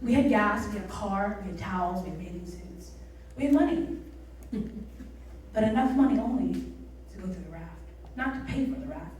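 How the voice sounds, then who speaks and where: A woman preaching a youth sermon, telling a story in a chatty, animated way and asking the crowd questions. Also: mid-range voice, moderate pace, long pauses, slight background noise. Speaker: youth pastor. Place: church service hall. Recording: roomy echo, mic from a distance.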